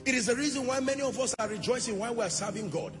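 A man's voice: extremely high pitch, expressive, very fast, fairly bright tone, faint music behind. A man preaching a sermon, impassioned, often swelling into sung, chanting phrases. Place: church hall. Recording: long church hall reverb.

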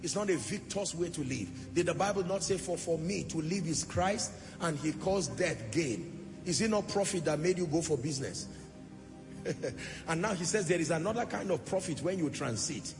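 A man's voice: on the high side, expressive, moderate pace, over music. A man preaching a sermon, impassioned, often swelling into sung, chanting phrases. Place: church hall. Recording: long church hall reverb.

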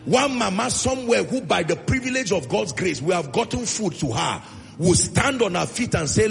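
Nigerian male pastor, high animated preacher with fry, pounding refrains, in a reverberant hall over soft music. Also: normal speed. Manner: emphatic preaching with repeated refrains. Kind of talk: sermon.

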